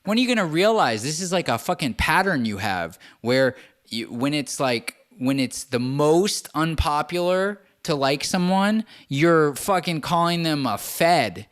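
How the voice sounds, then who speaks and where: A man's voice: a little high, lively intonation, measured pace, hardly any pauses, fairly bright tone. A man hosting his own show, ranting in casual, profane, sarcastic commentary and laughing as he talks. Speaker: podcast host.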